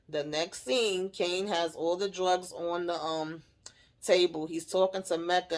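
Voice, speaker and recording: A woman casually recapping a TV episode, retelling scenes in her own words and acting out the characters' lines with laughs and swearing. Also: on the low side. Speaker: TV recap host.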